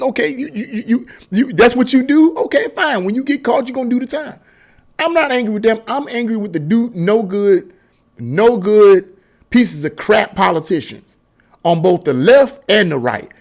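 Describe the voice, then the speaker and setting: A man hosting his own commentary channel, delivering a heated, emphatic political rant with lots of repetition. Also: very high-pitched. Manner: mocking singsong asides.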